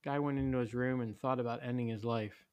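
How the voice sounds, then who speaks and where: A man reading a story aloud in a steady, plain way, with small slips. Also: mid-range voice, brisk, clear, resonant tone, lo-fi sound. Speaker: narrator.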